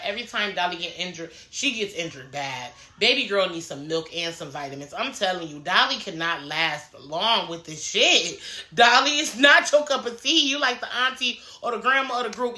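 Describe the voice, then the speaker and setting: Bright-voiced woman recapping with blunt slang. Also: lowish voice, roomy sound. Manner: animated, blunt, profane, acts out cast members' lines. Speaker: reality show commentator. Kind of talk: casual recap commentary.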